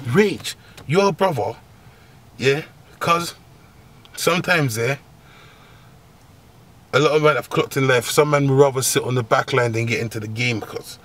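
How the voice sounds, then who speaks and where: A man giving comic advice as a host, in a profane, slang-heavy rant full of laughs and sudden high squeals. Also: moderate pace, long pauses, fairly bright tone. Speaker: agony-uncle comedy host.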